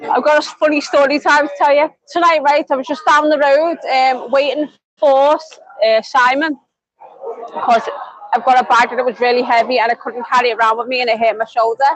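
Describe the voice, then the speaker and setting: A woman's voice: sits high, fairly even intonation, brisk, a bit bright, low-quality recording. A woman chatting on a live stream. She rambles with lots of fillers and restarts. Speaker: vlogger. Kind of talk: casual live-stream chat.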